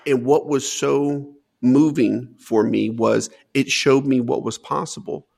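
A man with a gravelly, fry-edged voice tells his own story as an interview guest. He talks earnestly, restarting and repeating words as he gathers his thoughts. His pitch sits in an ordinary middle range. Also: steady tone, measured pace, few pauses, a little mellow. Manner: earnest, repeats words while searching for them. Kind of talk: personal storytelling.

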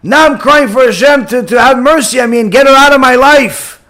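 A man's voice: normal speed, a bit bright. A man voicing a desperate young yeshiva student who pleads in a raised, urgent voice. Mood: pleading. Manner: pleading, rising and pitched up.

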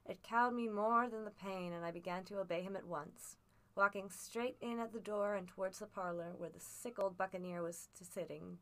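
Woman reader, mid-pitched, measured and expressive storybook narration. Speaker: audiobook reader.

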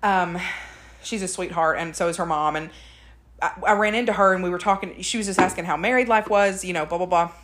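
A woman's voice: fairly low pitch, fairly quick, a bit bright. Woman, podcast co-host, casual storyteller. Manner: chatty storyteller, laughs often. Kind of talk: casual chat.

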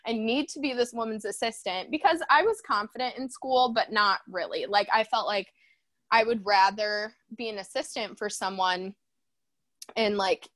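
A woman's voice: mid-range voice, normal speed, no echo. Chatty young woman telling her story. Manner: animated, laughs often, acts out her own past thoughts. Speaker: guest, hairstylist. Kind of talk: casual storytelling chat.

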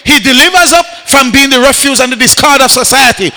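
A man preaching a sermon, shouting and leading the congregation in chanted call-and-response refrains. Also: extremely high pitch, brisk, few pauses. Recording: echoey hall.

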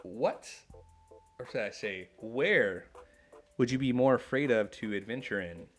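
A man co-hosting a casual chat about a comic book, animated and quick to act out characters' lines. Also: medium pitch, soft background music. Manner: animated, acts out characters' lines while retelling. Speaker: podcast co-host.

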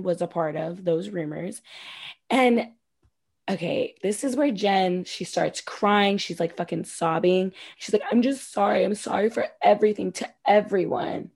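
A woman co-hosting a podcast, chatting casually and bluntly with lots of swearing while recapping a reality show. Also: lowish voice. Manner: blunt, profane, animated retellings. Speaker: podcast co-host.

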